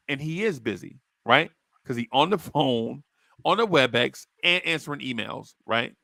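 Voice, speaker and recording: Gravelly New man hosting a podcast. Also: mid-range voice, moderate pace, dry recording. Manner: animated storyteller, acts out quotes. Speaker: podcast host. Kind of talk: casual sports chat.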